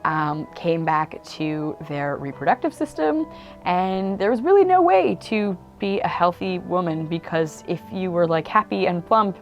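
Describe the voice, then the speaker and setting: A woman with a slightly low voice, chatting through her monthly reading on camera at home. She is enthusiastic and filler-heavy. Faint music plays underneath. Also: sing-song, unhurried, lo-fi sound. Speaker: book vlogger. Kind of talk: casual book review monologue. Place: indoors at home. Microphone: camera mic.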